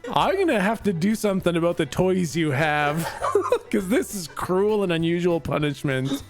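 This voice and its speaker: A man's voice: high voice, big pitch swings, normal speed, over music. A man running a tabletop game as game master, laughing often and improvising with lots of fillers.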